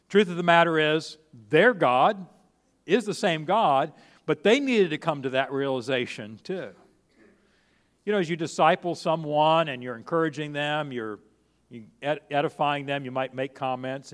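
Conversational preaching man, slightly high voice. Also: long reverb tail. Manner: conversational preaching with frequent restarts and acted-out quotes. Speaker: pastor. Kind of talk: sermon.

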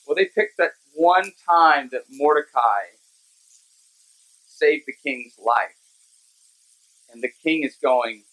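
A pastor delivering a sermon in a relaxed, conversational way. He retells the scripture story in everyday speech, checking in with "right?" as he goes. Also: mid-range voice, slow, long pauses, poor audio. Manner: casual, conversational, lively retelling.

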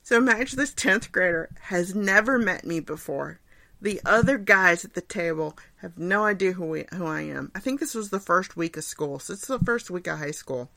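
A woman in her forties hosts a casual solo podcast from a home recording setup, chatting away, poking fun at herself, and laughing often as she answers questions. Her voice is lowish, creaky, and sharp-toned, expressive at a moderate pace, with no room sound.

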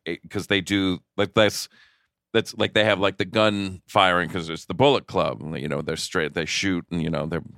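A low-voiced man in a casual podcast chat who tells rambling stories with a lot of excitement. He often stumbles over his words and laughs as he goes. The recording is dry and close, with almost no room sound. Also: creaky, no echo. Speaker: podcast co-host.

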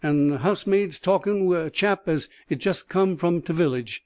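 A man voicing a rough, good-hearted ex-circus man in a rustic Cockney-mixed dialect, drawling and blunt. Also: high-pitched, moderate pace, darkish tone, dry recording, pitched above the performer's own voice, lightly acted. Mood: entranced. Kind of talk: audiobook character voice.

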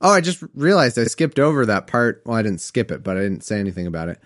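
A man's voice: on the low side, big pitch swings, quick pace, fairly bright tone. A man reading scripture aloud and breaking off into wry, joking asides. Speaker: Bible reader and commentator.

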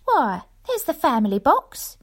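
Storybook: woman doing a fussing, excitable young wife, raised pitch. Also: unhurried, exaggerated voice. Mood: fretful. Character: lion tamer's fond, fretful young wife.

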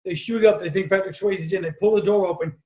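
A man guest on a comedy podcast, telling stories in a dry, deadpan way with wry jabs. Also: sits high, fast talker, dull audio.

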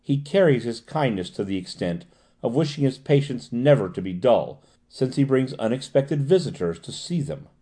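A man's voice: medium pitch, big pitch swings, fairly quick, hardly any pauses, warm tone, lightly acted. A man reading the part of a genteel woman patient who breaks into terrified screams, in an audiobook. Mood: cold. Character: genteel middle-aged woman patient, panicky.

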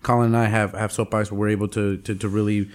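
A man's voice: fairly low pitch, fast. A young man co-hosting a casual podcast chat, telling work stories and acting out the people in them. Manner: animated storyteller, acts out quotes. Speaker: podcast co-host.

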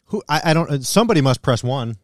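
A man co-hosting a podcast in loose, playful banter. He talks fast with a lively, swinging pitch. The sound is dry and close. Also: no echo. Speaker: podcast co-host. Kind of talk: casual chat.

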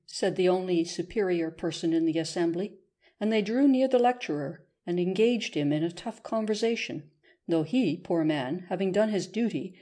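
Mellow, husky woman narrating a novel. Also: lowish voice, moderate pace. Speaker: audiobook narrator. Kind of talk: scripted narration.

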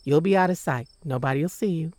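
A woman's voice: low-pitched, brisk, warm tone, no room sound, lightly acted. A woman playing a curt, guarded woodswoman. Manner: curt, commanding, dry wit. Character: guarded, sharp-tongued woman living alone in the woods. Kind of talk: radio drama acting.

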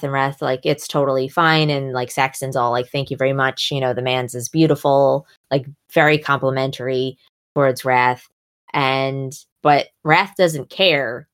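A young woman chatting casually about books, animated and full of fillers, jumping up in pitch when she acts out quotes. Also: smooth. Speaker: podcast co-host discussing books. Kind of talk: casual chat.

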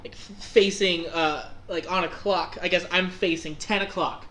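A young man tells a chaotic story in relaxed podcast chat. His voice sits high and bright, and he acts out his past reactions with bursts of laughter. A faint hiss runs under the recording. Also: normal speed.

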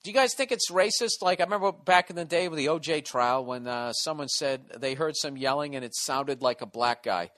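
Male comic podcast host, East Coast American accent, profane and sarcastic, slightly high, bright tone. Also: fairly quick, hardly any pauses. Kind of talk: solo comedy podcast rant.

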